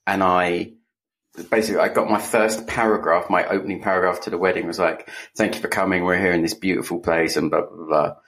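A man with a lowish voice hosts a relaxed podcast chat. He tells his stories with a dry, self-deprecating wit. The delivery is loose and conversational. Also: fairly quick. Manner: dry, self-mocking storyteller. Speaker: podcast co-host. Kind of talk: casual chat.

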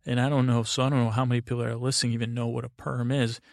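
A man's voice: mid-range voice, level tone, rapid-fire, gravelly, a little mellow, no room sound, clean studio sound. A middle-aged man hosting a podcast, telling a meandering bedtime story full of fillers and restarts. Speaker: podcast host.

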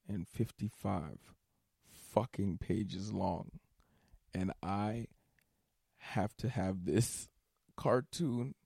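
A man delivers a solo comedy podcast rant in a low, rough, gravelly voice. He talks slowly and drags his words out, exasperated and cursing. The recording is close and dry, with no room sound. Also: warm tone, no room sound. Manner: exasperated, swears often, breaks into nervous laughter. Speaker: stand-up comedian and podcast host.

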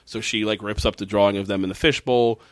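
A man in casual chat recapping a TV episode, swearing freely and slipping into high mocking voices for the characters. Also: fast talker, no room sound. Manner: animated, swears often, jumps into high mocking voices when quoting characters. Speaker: podcast co-host.

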